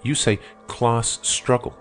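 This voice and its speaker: A man's voice: mid-range voice, steady tone, slow pace, faint music behind, pitched above the performer's own voice, lightly acted. A man reading aloud, voicing an earnest young woman who argues in a pressing, reproachful way in an audiobook. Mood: indignant. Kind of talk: audiobook character voice.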